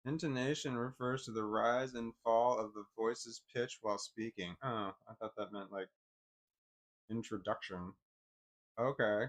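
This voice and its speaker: A man talking to himself as he reads, stopping to repeat words and mock his own confusion. His pitch sits in an ordinary middle range, and the delivery is loose and unscripted. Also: steady tone. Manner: rambling, self-deprecating, reads text aloud haltingly. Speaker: vlogger. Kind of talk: casual thinking aloud while reading.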